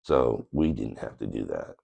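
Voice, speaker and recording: Very deep gravelly man, nasal from a cold. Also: sing-song, moderate pace, warm tone. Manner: earnest, plain-spoken, rambling with restarts. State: recovering from a cold. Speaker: channel host. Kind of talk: casual personal testimony to camera.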